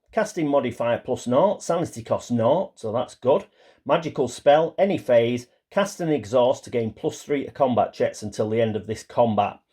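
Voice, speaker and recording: A man hosts a relaxed solo playthrough of a board game, chatting his way through each card. He reads the rules and story text aloud and now and then trips over a word before carrying on. His voice sits at an ordinary middle pitch. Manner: chatty, stumbles and restarts while reading small card text. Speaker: board game player and channel host. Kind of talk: casual solo playthrough commentary, reading cards aloud.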